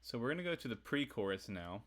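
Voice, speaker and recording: A man's voice: medium pitch, quick pace. A man giving a casual, chatty livestream guitar lesson, talking to viewers and laughing between explanations. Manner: relaxed, chatty, answers chat and laughs often. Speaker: guitarist teaching a song. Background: faint acoustic guitar playing.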